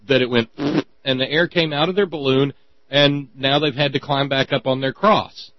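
A man's voice: medium pitch, fairly even intonation, no room sound, lo-fi sound. A man hosting a political radio talk show, sardonic and colorful in his speech. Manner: sardonic, colorful, quick-witted.

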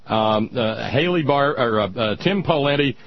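A man's voice: mid-range voice, lively intonation, normal speed. A male radio talk show host in casual, blunt political chat, sardonic and full of restarts. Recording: dull lo-fi radio with faint hiss.

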